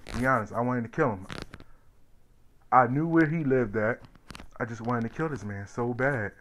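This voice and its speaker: A man vlogging a personal story from his life, animated and blunt, swinging from loud bursts to hushed tones and swearing freely. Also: mid-range voice, slight background noise, low-quality recording.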